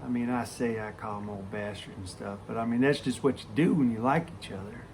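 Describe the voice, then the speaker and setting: A man telling a story from his working life in a casual, animated way, full of swearing. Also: medium pitch, fairly quick, slight background noise. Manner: profane, animated raconteur.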